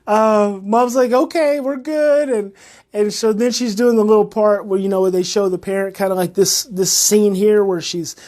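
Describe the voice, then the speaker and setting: This is a parenting educator in a relaxed solo talk, pitched in the middle and moving at a moderate pace. She's lively, says things over again, and gets herself riled up.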